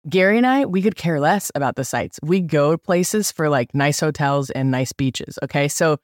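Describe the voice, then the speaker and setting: A woman's voice: deep voice, moderate pace, no echo, clean studio sound. Chatty middle-aged woman podcaster, bouncy. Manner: animated, chatty, with lots of likes and okays. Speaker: podcast host. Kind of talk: casual storytelling.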